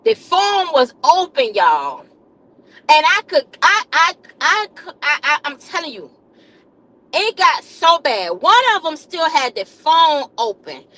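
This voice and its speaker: A woman's voice: high voice, sing-song, slow, sharp tone, rough recording. A woman live streamer, a nurse, telling a comic story to her chat in a dramatic, repetitive way, calling listeners baby and honey.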